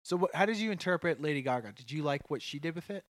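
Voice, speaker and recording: A man co-hosting a podcast in a casual, animated movie discussion, laughing often and swearing casually. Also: on the high side, fast talker, dry recording.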